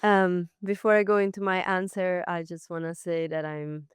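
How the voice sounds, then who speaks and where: A woman's voice: fairly low pitch, steady tone, normal speed, clean tone, no echo, clean studio sound. A woman co-hosting a marriage podcast while she has a cold, speaking openly and thoughtfully about her feelings. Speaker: podcast co-host. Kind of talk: candid podcast talk.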